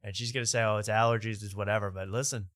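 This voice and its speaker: A man's voice: on the low side, fairly even intonation, racing, fairly bright tone, slight background noise. A male talk show host bantering casually, joking and laughing often.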